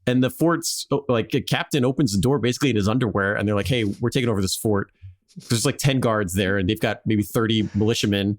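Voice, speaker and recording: A man's voice: on the low side, fast talker, hardly any pauses. A man hosting a podcast, telling a history story casually with lots of "like" and jokey acted-out quotes.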